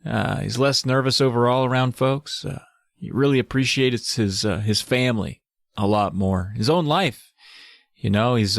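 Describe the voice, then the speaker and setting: A man with a relaxed, mid-pitched voice, casually summarizing a children's book for a comedy podcast. He fills his speech with "uh" and "you know". The sound is dry and close, with no room echo. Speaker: podcast co-host.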